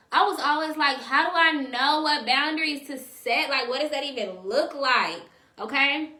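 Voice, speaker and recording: Bright, high-voiced woman host in an echoey room. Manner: slangy, chatty, talks straight to her viewers. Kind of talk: casual livestream talk reading viewer comments.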